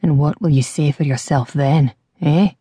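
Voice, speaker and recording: A woman narrator voicing a ruthless cloaked male horseman, rasping and low with quiet menace, in an audiobook. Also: moderate pace, dry recording. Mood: menacing. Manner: lethally soft menace, bellowing commands. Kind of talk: audiobook character voice.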